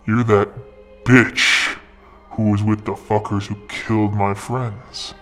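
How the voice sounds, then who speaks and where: A man doing a low sneering ape-man brute. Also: level tone, slow, a bit bright, faint music behind. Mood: mocking. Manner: mocking, sneering taunts. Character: huge brutal ape-man gunner, taunting and cruel.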